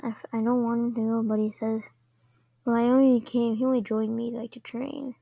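A woman giving casual commentary over her own gameplay, chatting to herself and often dropping into quiet whispers. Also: on the high side, little pitch movement, normal speed, gravelly, husky, no echo.

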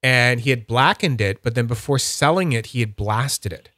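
A man's voice: expressive, normal speed, sharp tone, no echo. A man hosts a laid-back livestream, chattering with easy enthusiasm. His voice sits mid-range, and the sound is dry and close, with no room around it. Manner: rambling, enthusiastic, puts on high voices for quotes. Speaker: livestream host. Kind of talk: casual livestream chat.

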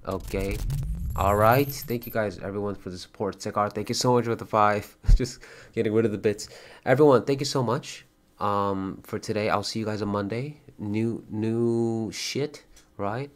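A man chatting casually as a livestreamer, thanking viewers and donors, swearing freely and getting excited in bursts. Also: fairly low pitch, normal speed.

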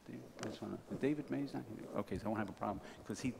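Rapid-fire and creaky, a man's lowish voice carries a folksy sermon story to his congregation, growing more excited as it goes. Background noise is audible, and the hall is reverberant.

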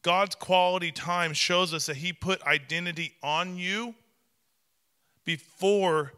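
Man, pastor, sermon, slightly high voice, forceful bright tone, animated storytelling. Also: takes it slowly, clear, resonant tone, long reverb tail. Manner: animated storytelling with playful acted quotes.

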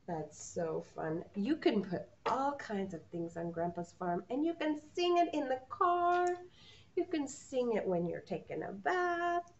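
A woman teaching preschoolers, talking gently and encouragingly to small children and leading a sing-along. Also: fairly high pitch, big pitch swings, unhurried, dull audio.

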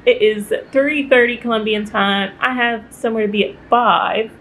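A woman's voice: a little high, moderate pace, a little hiss or hum, rough recording. Chatty young woman touring a hotel room. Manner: chatty and animated, playful asides. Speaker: travel vlogger. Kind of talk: casual vlog chat.

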